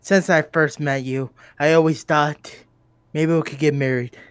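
A man talks over a voice call in a smooth, clear voice, recorded dry and close. He sounds hesitant, often mumbling and trailing off mid-sentence. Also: on the high side, fairly even intonation, a little slow, dry recording. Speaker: streamer's friend. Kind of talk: casual chat over voice call.

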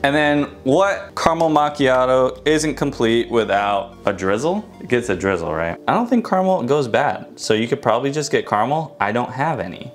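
A man's voice: mid-range voice, expressive, normal speed, hardly any pauses, soft background music. Playful young man joking through a kitchen test. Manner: playful, self-mocking, laughs often. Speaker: vlogger. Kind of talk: casual comedic cooking vlog. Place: home kitchen.

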